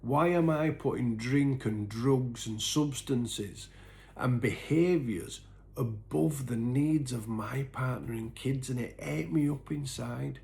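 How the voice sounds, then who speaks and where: A man telling his own story in an earnest, halting way, full of restarts, and sometimes sinking to a near-whisper. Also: medium pitch. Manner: sinks to a soft, breathy near-whisper at painful moments. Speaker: recovery vlogger. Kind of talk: personal confessional storytelling.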